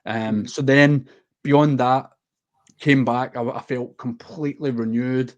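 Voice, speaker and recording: This earnest guest from the west of Scotland speaks a little slowly in a steady, mid-range voice. He's telling his personal story openly on a podcast, heartfelt and unguarded, though the recording sounds muffled.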